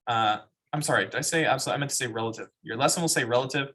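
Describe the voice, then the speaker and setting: A man's voice: mid-range voice, rapid-fire, sharp tone. A man teaching a math class, explaining step by step and asking the students questions. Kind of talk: classroom lecture.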